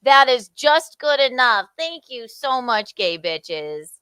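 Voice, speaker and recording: A woman's voice: a little high, big pitch swings, slow, pushed and bright, clear, resonant tone, dry recording. A woman co-hosting a casual livestream chat, playful and teasing as she reads out the chat's donations. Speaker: co-host reading chat donations.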